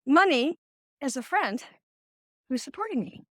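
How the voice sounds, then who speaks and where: Middle-aged woman, host of a faith talk, animated storytelling, fairly high voice, dry close sound. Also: moderate pace, no echo. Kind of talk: casual faith-based talk.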